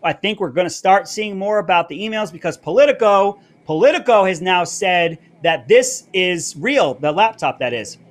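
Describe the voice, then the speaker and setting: A male political talk host on a live stream, with a high-pitched voice. He talks in a brash, sarcastic way, swears freely and pounds his points home through repetition. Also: fairly bright tone. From Latino background, living in Florida.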